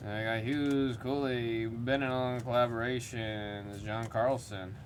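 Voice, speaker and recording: A man in the middle of a card break, reading out the names on each card as it comes up. His voice sits at an everyday mid pitch, and a faint hiss runs under it. He rambles and jokes in a loose, casual way between the pulls. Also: fairly even intonation, slow. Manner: reads out player names as he goes. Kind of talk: live commentary while opening cards.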